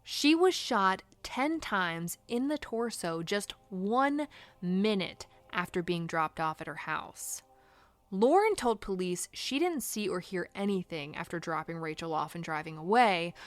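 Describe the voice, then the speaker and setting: Young female true crime host, wry asides, dry close sound, middle pitch. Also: big pitch swings, unhurried, no room sound. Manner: sarcastic asides, rhetorical questions. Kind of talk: casual storytelling narration.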